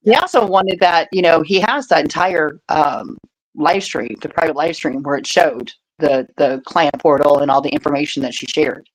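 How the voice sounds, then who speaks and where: A woman's voice: sits low, normal speed, rough recording. A woman co-hosting a casual podcast chat, blunt and profane, laughing often. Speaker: podcast co-host.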